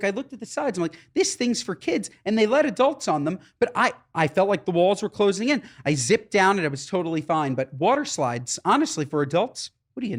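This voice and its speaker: A man co-hosting a podcast in casual chat, telling stories in an animated, exasperated way. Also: high-pitched. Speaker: podcast co-host.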